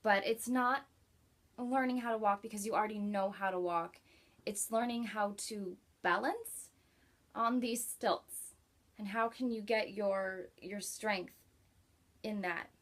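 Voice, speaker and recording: A woman's voice: medium pitch, fairly even intonation, measured pace. Chatty woman reviewing a book. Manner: chatty, warm, with many likes and ums. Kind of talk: casual book review vlog.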